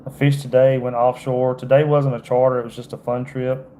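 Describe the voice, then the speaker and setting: A man from Georgia with a mellow, relaxed Southern accent talks his viewers through tying a fly. His manner is folksy and chatty, and he keeps calling his audience "y'all." There is a faint hum of noise behind him. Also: medium pitch, a little fast. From Georgia, USA. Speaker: fishing guide and fly-tying streamer. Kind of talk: casual livestream fly-tying demonstration.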